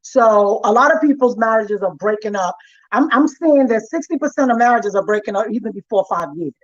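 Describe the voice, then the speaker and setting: A woman's voice: fairly high pitch, expressive, a little fast, muffled recording. A woman hosting a talk show discussion, insistent and cutting in to make her point. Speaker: host.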